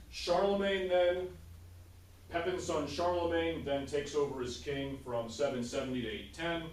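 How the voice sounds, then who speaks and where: A male teacher giving a casual history lecture in class, often checking in with his students by asking "right?". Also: medium pitch. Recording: roomy, distant classroom sound.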